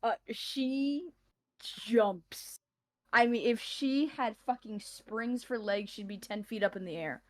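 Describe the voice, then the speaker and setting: A woman's voice: fairly high pitch, slow pace. A woman playing in a tabletop game, describing her character's actions in a giggly, rambling way. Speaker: player. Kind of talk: tabletop role-play narration.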